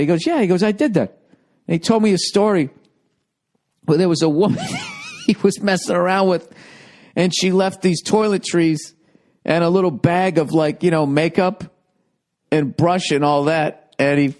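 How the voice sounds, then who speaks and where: A man's voice: sits high, normal speed, long pauses. A man hosting a podcast, telling profane, rambling stories in a casual monologue. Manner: profane, rambling, animated storytelling. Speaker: podcast host.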